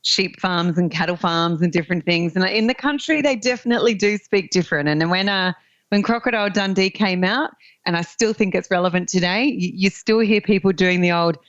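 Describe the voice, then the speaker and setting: A woman's voice: on the low side, fairly quick, no echo, muffled recording. A woman with an Australian accent who grew up in country Australia, talking as a guest in a podcast interview in a friendly, outgoing way and laughing often. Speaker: guest, land investor.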